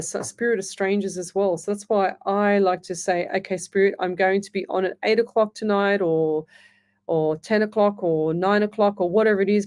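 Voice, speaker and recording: Woman, radio psychic host; easygoing, reassuring chat, soft dark tone. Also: medium pitch. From Australia. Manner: chatty, reassuring, calls listeners lovey; reads listener comments aloud. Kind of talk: live call-in readings.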